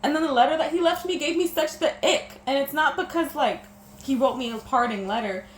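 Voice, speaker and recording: A woman's voice: high voice, fairly quick. A young woman vlogging about her breakup, emotional and teary, stumbling and restarting as she talks. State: teary, sniffling. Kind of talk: personal vlog about a breakup. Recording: echoey room with faint background noise.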